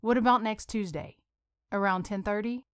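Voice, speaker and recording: A woman's voice: medium pitch, clear, resonant tone, no echo, clean studio sound, close to an everyday voice. A woman voicing a nervous, polite young man who hesitates as he talks, in a storybook reading. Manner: hesitant, halting when nervous.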